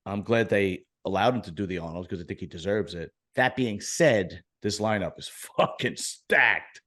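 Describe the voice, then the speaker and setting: A man's voice: on the low side, moderate pace, fairly bright tone. A man hosting a casual bodybuilding podcast, joking and swearing, rambling with restarts. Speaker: podcast host.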